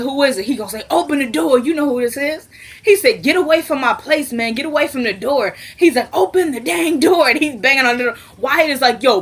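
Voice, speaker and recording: A chatty woman recaps a TV episode straight to her viewers, jumping between hushed asides and bright, squealing laughs. She acts out each character's lines in a loose, animated way. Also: medium pitch. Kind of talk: casual recap chat to viewers.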